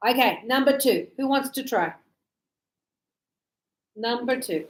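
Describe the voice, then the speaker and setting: A woman teaching a grammar lesson in a classroom, her voice sitting a little high. She talks slowly and deliberately, sounding out each word for the class. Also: expressive. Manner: slow, deliberate, models pronunciation. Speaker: English teacher.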